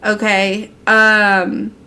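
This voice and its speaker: A woman's voice: medium pitch, little pitch movement, very slow, pushed and bright. A woman casually giving a tarot reading on a livestream, chatty and laughing often, with lots of fillers. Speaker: tarot reader.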